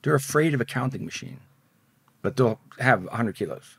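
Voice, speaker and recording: A man's voice: mid-range voice, normal speed, vocal fry, husky, no echo. A man telling his story in an interview, swearing a lot and acting out the voices of the people in it. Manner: profane, animated, acts out quoted dialogue. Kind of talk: casual storytelling.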